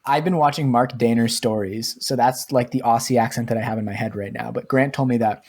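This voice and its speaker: A man's voice: mid-range voice, fairly even intonation, brisk, a little mellow, slightly rough. A man co-hosting a podcast in easygoing, self-deprecating casual chat. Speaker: podcast co-host.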